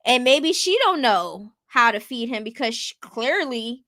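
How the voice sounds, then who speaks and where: A woman with a fairly high, sing-song voice takes her time, sounding a bit bright in a dry recording. She hosts casual commentary in a blunt, rhetorical way, frequently questioning viewers with "you get what I'm saying".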